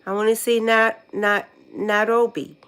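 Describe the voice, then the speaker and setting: A woman's voice: a little high, little pitch movement, a little slow, a bit bright, smooth. An older American woman chatting casually on a livestream. She repeats words to herself while she tries to remember them. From United States. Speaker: vlogger.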